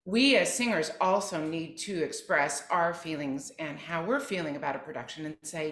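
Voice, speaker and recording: A woman's voice: low voice, moderate pace, few pauses, a bit bright. Earnest woman soprano in a roomy room. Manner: earnest, advice-giving. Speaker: guest, opera soprano. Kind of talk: interview conversation. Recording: roomy echo.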